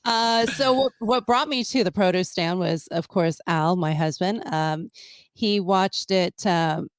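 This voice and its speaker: A woman's voice: lowish voice, measured pace, dry recording. A woman guesting on a podcast, talking casually and hesitantly with many fillers and easy laughs.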